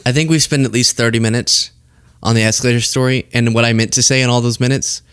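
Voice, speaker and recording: A man's voice: medium pitch, fairly even intonation, fast talker, a bit bright, clear, resonant tone, dry recording. A man hosting a political commentary show, talking casually and sarcastically with frequent laughter.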